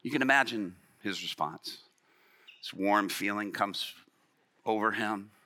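A man, a pastor, telling a story in a sermon, acting out the dialogue and rising to shouts. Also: on the low side, unhurried. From Illinois. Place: church stage.

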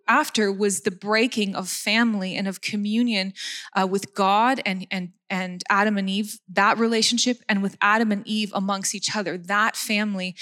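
A woman in her thirties from Canada preaching a casual sermon, chatty, laughing at herself, and repeating key words for emphasis. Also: medium pitch. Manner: warm chatty delivery with frequent fillers and self-deprecating laughs.

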